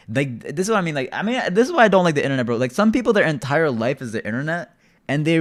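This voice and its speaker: A man's voice: fairly high pitch, sing-song, fast. A young man streaming, talking casually to his chat in an exasperated, rambling rant full of filler words. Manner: exasperated, rambling, peppered with "bro" and "like".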